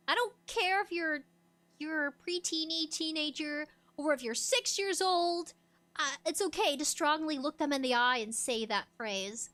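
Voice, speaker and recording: A woman streamer chatting casually, laughing often and acting out bits of dialogue in loud bursts. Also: high-pitched, a little slow. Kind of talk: casual chat.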